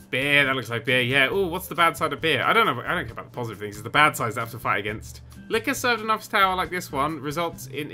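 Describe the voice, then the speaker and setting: A man doing let's play commentary, excitable and sweary, wandering into rambling asides. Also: fairly high pitch. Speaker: gaming YouTuber.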